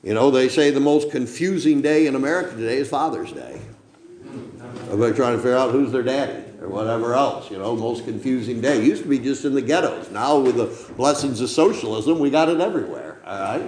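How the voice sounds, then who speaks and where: A man's voice: mid-range voice, lively intonation, fairly quick, darkish tone. Older preacher man, echoey church. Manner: rambling, emphatic, frequent "okay?" asides. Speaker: pastor. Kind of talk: sermon. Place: church sanctuary.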